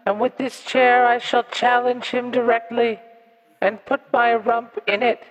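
A man voicing a tiny, pompous demon child lord who speaks in slow, grand commands. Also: very high-pitched, flat delivery, in a large hall, poor audio. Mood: grandiose.

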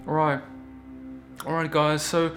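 A man's voice: a little high, level tone, slow, a bit bright, soft background music. A man giving an earnest, emphatic Bible teaching in a casual video sermon, often restarting his sentences.

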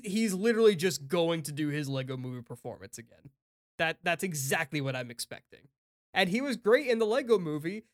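Male co-host, slightly raised pitch, animated and opinionated, casual swearing banter. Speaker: podcast co-host. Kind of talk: casual chat.

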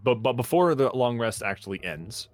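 A man narrating as game master of a tabletop role-playing game, relaxed and full of fillers. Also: mid-range voice, normal speed, no room sound.

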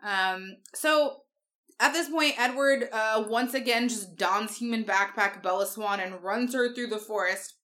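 A woman's voice: fairly high pitch, a little slow, a bit bright. A young woman co-hosting a podcast, retelling a book plot in sarcastic, swear-heavy casual chat. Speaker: podcast co-host.

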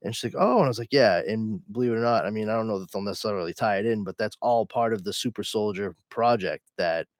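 A man's voice: lowish voice, fast, hardly any pauses, no room sound. A man hosting a casual podcast chat over a video call. He rambles with many restarts and laughs often. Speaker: podcast host.

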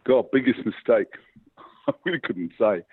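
A man, a publicist, telling lively motivational anecdotes as a guest over the phone. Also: mid-range voice, measured pace, husky, dry recording. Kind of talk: interview storytelling. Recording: tinny phone line.

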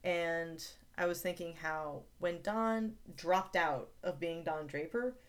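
Chatty woman with a lower voice. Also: slow pace. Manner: chatty, lots of "like" fillers, laughs often. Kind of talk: casual chat recapping a TV episode.

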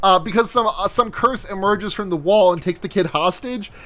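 Male co-host, higher voice, loose rambling recap delivery full of fillers. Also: normal speed, sharp tone. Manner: rambling, many "like" fillers and restarts. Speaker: podcast co-host. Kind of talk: casual anime episode recap chat.

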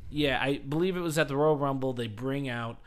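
On a podcast recapping wrestling history, a man casually retells a story, rambling with fillers and acting out the quotes. His voice is medium-pitched and he speaks fairly quickly.

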